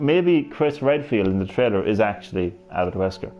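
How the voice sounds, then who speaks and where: A man hosting a gaming channel, talking excitedly through video game lore, rambling and swearing, on a headset mic. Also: fairly low pitch, normal speed, few pauses, dull audio. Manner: excitable, rambling, swears often, many restarts.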